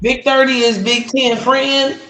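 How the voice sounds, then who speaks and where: A woman's voice: high voice, fairly even intonation, sharp tone, faint music behind. A woman co-hosting a livestream, talking bluntly with lots of swearing and laughter. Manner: blunt, profane, quick to laugh. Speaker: co-host. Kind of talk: casual chat.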